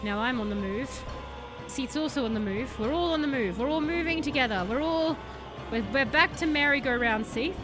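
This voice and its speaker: A high-voiced woman speaking at normal speed streams a video game live, tossing out casual remarks, talking to the boss in front of her, and erupting into excited shouts, with game music behind her.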